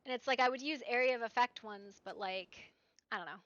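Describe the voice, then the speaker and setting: A bright, fairly high-voiced woman rambles in casual stream chat. She tosses in "right?" constantly as she talks. The sound is dry and a bit dull, with faint music under it. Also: brisk, no echo. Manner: rambling, animated, asks "right?" often. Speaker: roleplay streamer.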